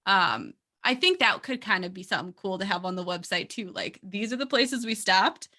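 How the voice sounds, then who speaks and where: A woman's voice: mid-range voice, very animated, moderate pace, pushed and bright. A woman who produces a podcast, chatting in an upbeat, giggly, teasing way. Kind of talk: casual chat.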